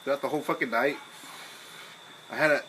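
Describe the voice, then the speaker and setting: Profane, storytelling man with a bright voice. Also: medium pitch, steady tone, a little fast, slight background noise, low-quality recording. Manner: profane storyteller, acts out his own angry shouting. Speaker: podcast co-host. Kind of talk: casual chat over beers.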